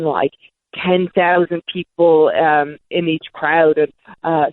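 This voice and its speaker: A deep-voiced woman in her thirties shares lengthy, candid personal stories as an interview guest. She rambles and often restarts to correct herself, heard through a tinny, phone-like line in a dry recording.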